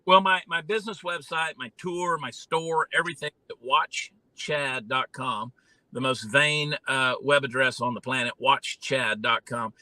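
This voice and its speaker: A man from Georgia with a Southern accent, telling stories in a folksy, animated way with plenty of fillers as an interview guest. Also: mid-range voice, measured pace, no room sound, poor audio. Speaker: guest, comedian and candidate. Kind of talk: casual interview talk.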